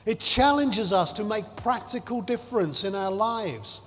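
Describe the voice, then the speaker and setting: A man preaching a sermon in a measured, emphatic way, drawing out his phrases and stressing key words. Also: high voice, expressive, fairly bright tone. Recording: long hall reverb.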